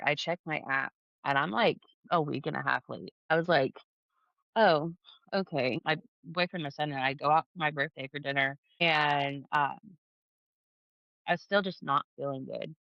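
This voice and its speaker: A woman's voice: deep voice, a bit bright, no room sound, lo-fi sound. A woman in her thirties, a podcast guest telling her story casually, acting out dialogue and saying "like" a lot. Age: 30s. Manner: chatty, acts out dialogue with lots of "like".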